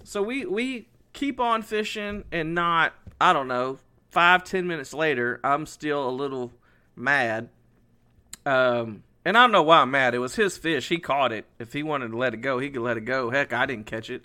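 The speaker is a male podcast co-host with a fairly high, smooth voice and a moderate pace. He recounts a story in relaxed chat, animatedly voicing the lines everyone said, his own included.

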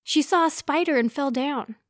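A woman's voice: a little high, moderate pace, no room sound, studio quality, natural voice. A woman doing a teasing young coworker. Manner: playful, teasing.

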